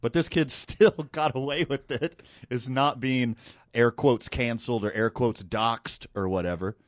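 A man hosting a podcast in casual chat, animated and joking, drifting into asides. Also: mid-range voice, a little slow, dry recording. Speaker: podcast host.

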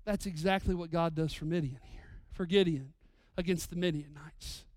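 A man in his thirties preaching a sermon as a pastor, swinging between loud, drawn-out lines and hushed, intimate storytelling. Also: on the high side, steady tone, dry recording, studio quality.

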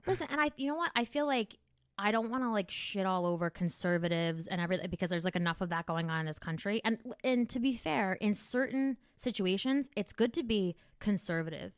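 A woman comedian hosting a casual podcast chat, crude and animated, swearing freely. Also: medium pitch, fairly quick, smooth, no room sound, studio quality.

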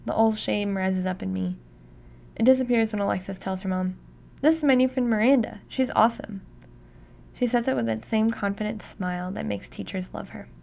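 Woman narrating with a gravelly voice. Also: medium pitch, darkish tone. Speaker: audiobook narrator. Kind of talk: first-person audiobook narration.

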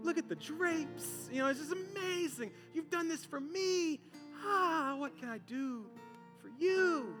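A man playing a comfortable, grateful prophet, speaking softly and drawn-out in a reverberant hall. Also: very high voice, animated, over music, voice pushed up. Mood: gushing. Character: male prophet lounging in bed, gushing gratefully.

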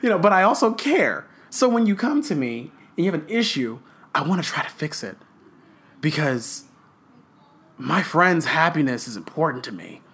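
A man co-hosting a podcast in casual chat, ranting with passion and swearing a lot, a little rough around the edges. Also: on the high side, big pitch swings, moderate pace, fairly bright tone. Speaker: podcast co-host.

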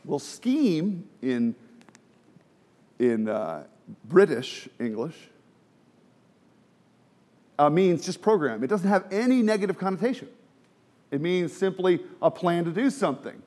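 A middle-aged man preaching a sermon from the pulpit, chatty and self-deprecating, moving between quiet asides and emphatic exhortation. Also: a little high, very animated, slow, pauses often. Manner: conversational with self-deprecating humor, many restarts and fillers. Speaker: pastor.

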